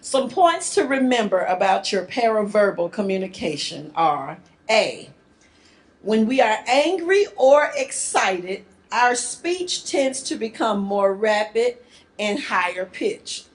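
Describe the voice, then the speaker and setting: A woman's voice: mid-range voice, very animated, slow pace. A woman co-presenting a seminar on communication in marriage, teaching with playful banter and acting out short dialogues in little character voices.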